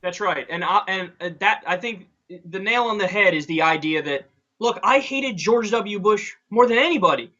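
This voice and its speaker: A man's voice: high-pitched, expressive, moderate pace, sharp tone, muffled recording. A man hosting a casual political commentary show, talking in a blunt, sarcastic way and swearing casually. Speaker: show host.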